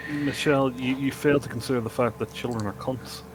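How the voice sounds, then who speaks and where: A man's voice: mid-range voice, fairly even intonation, slight background noise. A man with an Irish accent, a player telling dry jokes at the table. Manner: dry, joking, quick storytelling. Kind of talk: casual chat at a game table.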